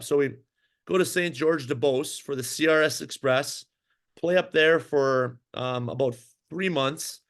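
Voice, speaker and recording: A man's voice: on the high side, unhurried. A man, a former pro hockey goalie, telling a long story in a casual interview, full of fillers and restarts. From Minnesota. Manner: animated, rambling storyteller with many fillers and restarts.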